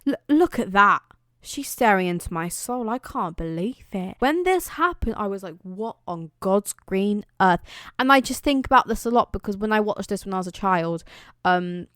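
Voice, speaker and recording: A woman's voice: mid-range voice, a bit bright, clean tone, no echo, clean studio sound. A young British woman chatting on her vlog, playful and dramatic, exaggerating for effect. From Britain. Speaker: vlogger. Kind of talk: casual chat.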